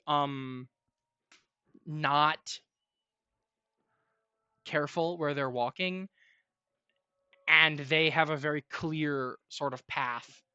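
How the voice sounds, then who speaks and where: Game master, tabletop narration, unhurried pace, bright tone, dry close sound. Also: mid-range voice, no echo, dull audio. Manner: halting, filler-heavy description.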